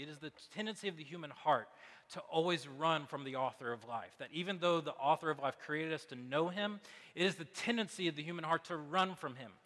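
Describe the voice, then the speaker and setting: A man in his thirties preaching a sermon in a loose, conversational way, full of fillers and quick asides. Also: on the high side, bright, forceful tone. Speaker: pastor. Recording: long hall reverb.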